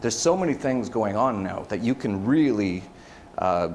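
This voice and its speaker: A man's voice: on the low side, animated, moderate pace, darkish tone, slight background noise. A man giving a casual conference talk, rambling with many fillers and restarts. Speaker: conference speaker. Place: conference hall.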